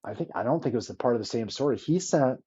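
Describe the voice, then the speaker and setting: This ex-hockey player talks quickly at a medium pitch, his voice carrying a breathy edge through a muffled recording. In a relaxed interview he spins animated stories, cursing liberally as he reenacts things people once said.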